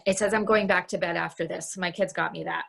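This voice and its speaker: Woman, middle-aged, lower register; candid personal talk, halting with restarts, home video call. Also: steady tone, gravelly. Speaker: guest speaker. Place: her home, indoors.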